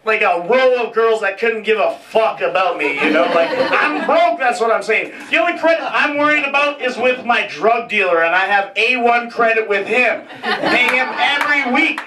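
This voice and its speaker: A man's voice: very high-pitched, lively intonation, moderate pace. A man in his twenties doing a rambling, self-deprecating stand-up set on a comedy club stage. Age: 20s. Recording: roomy club, distant mic, crowd. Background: audience laughter.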